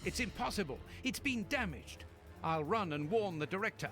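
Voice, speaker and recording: Earnest polite doctor sidekick, bouncy high voice, music behind. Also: male voice, expressive, normal speed, fairly bright tone. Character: loyal, polite doctor companion, adult man.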